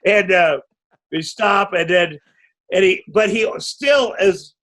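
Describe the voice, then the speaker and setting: A man's voice: high-pitched, slow. Rambling man telling a showbiz story. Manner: rambling, self-interrupting, bursts into loud acted quotes. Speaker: podcast guest. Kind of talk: anecdotal storytelling.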